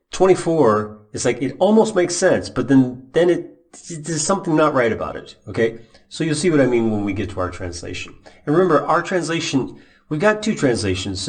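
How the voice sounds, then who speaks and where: A man giving a recorded Bible lesson at his computer, talking casually and thinking aloud with restarts and asides. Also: mid-range voice. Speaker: Bible teacher. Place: at a computer, showing a website on screen.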